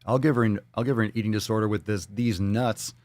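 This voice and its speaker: A man's voice: on the low side, fairly even intonation, fast, darkish tone, dry recording. A man hosting a live fitness show, reading viewer comments and ranting with heavy profanity and sarcasm.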